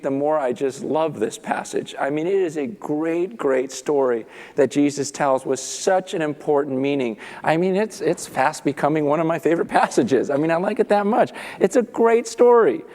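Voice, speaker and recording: A man preaching a sermon, telling a story with animated delivery and acting out the characters' lines. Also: a little high. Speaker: pastor. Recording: long reverb of a large hall.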